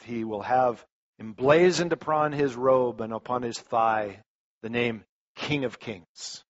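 A male pastor preaching a sermon in a conversational way, telling stories with lots of restarts. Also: medium pitch. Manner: conversational, animated storytelling, frequent restarts. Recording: dull lo-fi recording.

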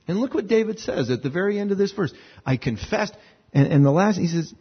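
A man preaching a conversational sermon, animated and acting out little scenes with voices. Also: high voice, a little fast, husky. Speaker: pastor. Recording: muffled lo-fi sermon recording.

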